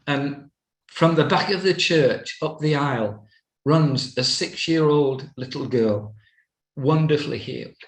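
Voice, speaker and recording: An older man giving a personal testimony as an evangelist, slow and halting, with many fillers. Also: on the high side. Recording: roomy echo.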